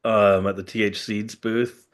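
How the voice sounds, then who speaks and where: A man's voice: lowish voice, flat delivery, a little slow. A middle-aged man, a guest in casual chat, rambling fondly through memories and chuckling often.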